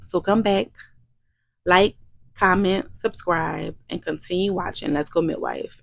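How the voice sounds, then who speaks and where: A Louisiana midwife hosts her vlog, giving an emotional, repetitive, faith-filled testimony. Her voice sits on the low side with vocal fry and a slightly bright tone, very animated at a moderate pace, with no room sound.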